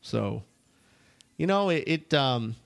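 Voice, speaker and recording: A man's voice: medium pitch, expressive, takes it slowly, vocal fry, no room sound. A man co-hosting an adult-themed talk radio show, rambling and joking crudely. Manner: rambling, bawdy, jokey. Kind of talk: casual radio banter.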